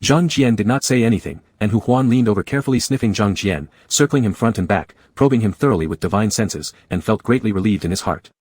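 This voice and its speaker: Low husky male audiobook narrator. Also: animated, quick pace, hardly any pauses, darkish tone, no room sound.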